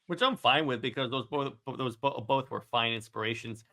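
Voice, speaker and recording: A man's voice: mid-range voice, a little fast, sharp tone. A man co-hosting a casual comic book podcast, rambling with frequent restarts as he reads out panel dialogue. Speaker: podcast co-host.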